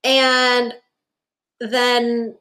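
A woman's voice: on the high side, little pitch movement, drawn-out words, sharp tone. A young woman co-hosting a podcast, chatting casually about a TV episode, full of "like" and acting out characters' lines. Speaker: podcast co-host. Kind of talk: casual chat recapping a TV episode.

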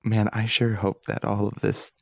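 A man co-hosting a comedy podcast, joking deadpan in a soft mock-ASMR whisper. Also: lowish voice, moderate pace, creaky, no echo. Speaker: podcast co-host and editor.

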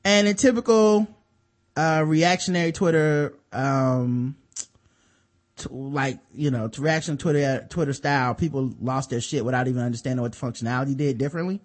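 A man's voice: mid-range voice, normal speed. A man co-hosting a podcast, explaining a story in loose, profane casual chat with many restarts. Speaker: podcast co-host.

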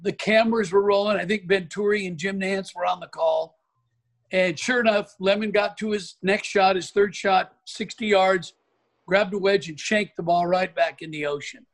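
An older man from Oregon tells a lively golf story as an interview guest, his voice sitting notably high for a man. He talks in an animated, storytelling way, building each anecdote. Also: normal speed. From Oregon, USA.

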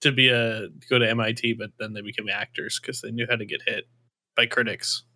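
A man's voice: mid-range voice, little pitch movement, a little fast, sharp tone. A man co-hosting a podcast in casual chat, arguing back with disbelief. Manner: incredulous, argumentative banter. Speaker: podcast co-host.

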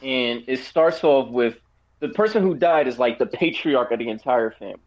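A man's voice: medium pitch, lively intonation, normal speed, muffled recording. A man co-hosting a casual chat, rambling through a movie review with many fillers and restarts, while he has the hiccups. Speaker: podcast co-host giving a movie review.

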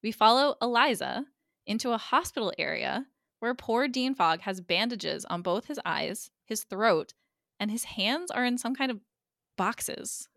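A woman guest co-host casually recapping a TV episode on a podcast, chatty and quick to act out characters' lines. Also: fairly high pitch, expressive, vocal fry, fairly bright tone, no room sound, clean studio sound.

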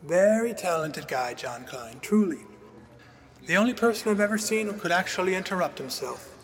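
Man doing garrulous singer, emphatic, unhurried. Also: high-pitched, animated, fairly bright tone. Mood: admiring.

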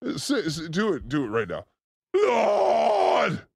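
A man's voice: fairly high pitch, huge pitch swings, a little fast, breathy edge, no echo, clean studio sound. A man hosting a casual comedy livestream, crude and joking, often slipping into put-on accents. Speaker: livestream host. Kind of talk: loose comedic livestream chat.

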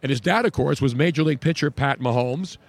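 A man's voice: mid-range voice, quick pace, gravelly, dry recording. Chatty male sports radio host. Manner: chatty, jokey, rambling. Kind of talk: casual sports talk.

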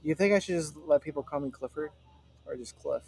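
A man's voice: a little high, expressive, a little fast, darkish tone, breathy edge, no room sound. A man co-hosting a podcast in casual chat, dry and matter-of-fact. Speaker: podcast co-host.

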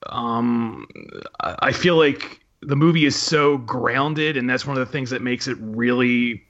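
Bright-voiced man chatting about films. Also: medium pitch, unhurried, dull audio. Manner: chatty, hesitant with many ums. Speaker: podcast co-host, film writer. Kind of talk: casual chat.

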